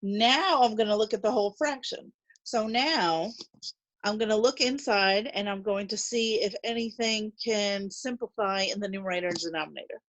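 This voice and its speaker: A woman's voice: mid-range voice, moderate pace, dry recording, rough recording. A woman teaching a recorded math lesson, chatty and reassuring, thinking aloud as she works through problems.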